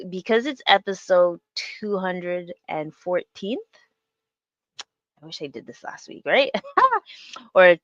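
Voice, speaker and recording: A woman's voice: lowish voice, fairly bright tone, no echo, dull audio. A woman hosting her own podcast, chatting casually and rambling with many fillers and restarts. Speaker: podcast host. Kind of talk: casual solo podcast chat.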